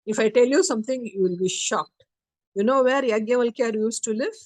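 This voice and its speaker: A woman teaching a study circle, telling a story in a lively way and acting out the quotes. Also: on the high side, brisk, dry recording. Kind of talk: storytelling lecture.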